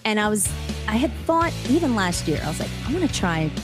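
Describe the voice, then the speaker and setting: A woman's voice: mid-range voice, very animated, fairly quick, over music. A woman with a New Jersey accent, chatting and telling stories with laughs as a podcast guest. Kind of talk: casual chat.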